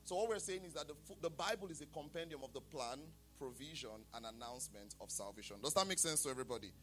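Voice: medium pitch, animated, fast talker, a bit bright, soft background music. A Bible study teacher who keeps asking the class to fill in answers and checks that they are following. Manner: quizzes the class with fill-in questions; often checks that listeners follow.

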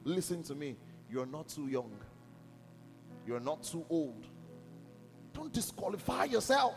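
Male preacher, high and lively delivery, insistent sermon, reverberant church hall with soft music. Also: a little slow, vocal fry, long pauses. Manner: emphatic, repeatedly asks if listeners are listening.

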